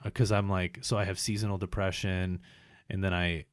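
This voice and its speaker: A man's voice: low voice, little pitch movement, a little fast, smooth, no room sound, studio quality. A young man hosting a casual chat, rambling with many restarts and frequent swearing. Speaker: host. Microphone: headphones.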